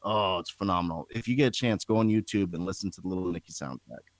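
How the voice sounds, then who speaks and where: A very deep-voiced man talks excitedly on a podcast and swears freely while he gushes about films and soundtracks. His voice sits close and dry. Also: quick pace, no echo. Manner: enthusiastic and profane, swears freely. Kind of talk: casual podcast chat.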